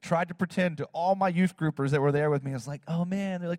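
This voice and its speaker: Male pastor, 30s, chatty sermon storyteller, slightly high pitch, long reverb tail. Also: quick pace, studio quality. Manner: animated, acts out quotes in other voices, fillers like "like" and "you know".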